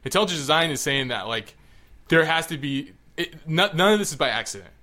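A man co-hosting a casual podcast chat, rambling and excitable, swearing freely. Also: fairly high pitch, fast. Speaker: podcast co-host.

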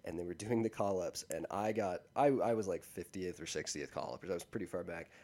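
A man with a husky, rather low voice co-hosts a casual podcast. He jokes freely and stumbles through quick restarts as he talks. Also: dark tone. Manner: jokey, quick, many false starts. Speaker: podcast co-host.

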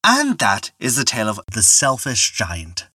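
Storyteller guy reading a folk tale, lively ups and downs, bright voice, dry close mic. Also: lowish voice, dry recording. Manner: measured, expressive storytelling. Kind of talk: scripted narration.

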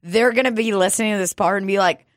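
A woman's voice: mid-range voice, fast talker, no room sound, clean studio sound. A woman co-hosting a comedy podcast in loose, laughing chat, swearing freely. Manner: swears a lot, laughs easily. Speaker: podcast co-host.

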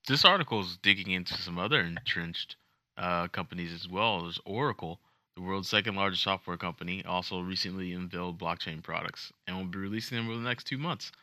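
Joking man with a low, forceful voice. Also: a little fast, no room sound, studio quality. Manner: joking, self-deprecating. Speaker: podcast co-host. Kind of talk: casual chat and reading news aloud.

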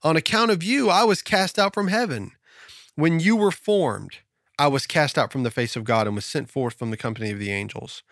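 A man's voice: a little high, fairly quick, fairly bright tone, no room sound, studio quality. A man reading aloud the lines of the devil, a fallen angel, insistent and resentful.

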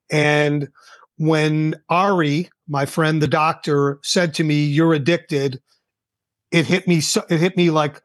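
A man's voice: a little high, no room sound, clean studio sound. An older man, a guest entrepreneur, telling a personal story in a casual interview and acting out the dialogue. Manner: animated, acts out quoted dialogue.

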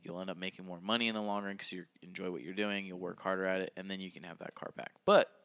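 A man's voice: deep voice, level tone, fast talker, fairly bright tone, smooth. A young man co-hosting a casual podcast, telling a story in a rambling way full of likes and ums. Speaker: podcast co-host.

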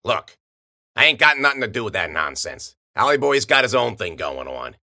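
A man's voice: on the low side, sing-song, normal speed, creaky, bright, forceful tone, dry recording, clean studio sound, full character voice. A man voicing a blunt, dismissive male fixer who brushes off complaints. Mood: gruff.

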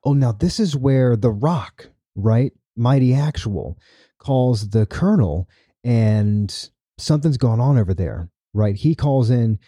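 A man's voice: mid-range voice, expressive, slow pace, mellow, no room sound, clean studio sound. A man hosting a podcast, casually recapping a story and often checking in with "right?". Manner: chatty, tags lines with "right?". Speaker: podcast host.

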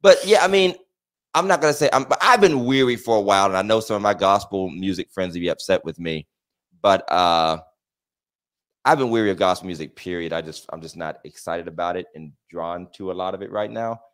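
A man co-hosting a casual podcast conversation, joking and animated, often breaking into laughter. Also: deep voice, brisk. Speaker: podcast co-host. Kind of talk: casual chat.

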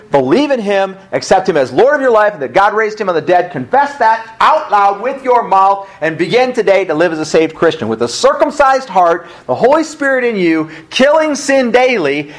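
A male pastor preaching a sermon at a church service, emphatic, with rhetorical questions and casual asides. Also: sits high.

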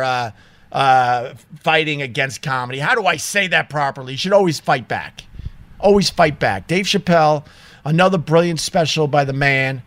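Bright, high-voiced ranting man. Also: no room sound. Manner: indignant, emphatic, swears freely. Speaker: vlogger telling a story. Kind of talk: casual ranting monologue. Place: small home studio.

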